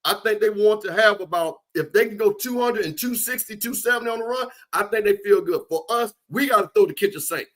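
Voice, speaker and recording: A man's voice: high-pitched, brisk, few pauses. A man joking and trash-talking in casual sports banter. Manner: joking, animated, Southern Black vernacular. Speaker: co-host.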